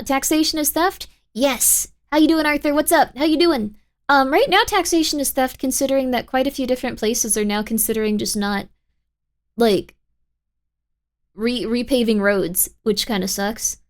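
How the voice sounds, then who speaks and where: Bubbly young woman streamer, slightly high. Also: normal speed. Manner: bubbly and rambling, filler-heavy with frequent 'like'. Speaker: livestream host. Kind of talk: casual chat, reading out viewer messages.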